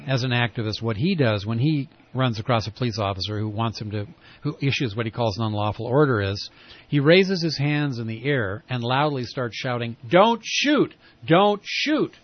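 A man hosting a casual talk show, speaking in a rambling, halting way with frequent restarts. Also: medium pitch, dull audio. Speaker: talk radio host. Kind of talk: casual conversational interview.

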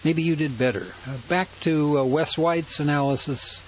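A man's voice: on the high side, fairly even intonation, normal speed, dull audio. A man hosting a talk radio show, speaking hesitantly with many fillers, on hissy radio audio. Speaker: radio host.

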